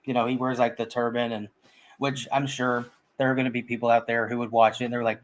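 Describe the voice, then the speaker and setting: A man's voice: mid-range voice, level tone, fast. A man in casual conversation about a film, talking in a rambling way with frequent restarts and fillers. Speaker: movie podcast co-host.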